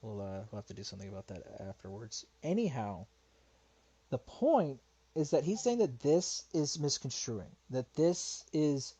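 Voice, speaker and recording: His mid-range voice is warm and husky, swinging widely in pitch at a normal speed. In this casual livestream of a response video, he rambles on, then turns frustrated during a search, swearing and muttering to himself.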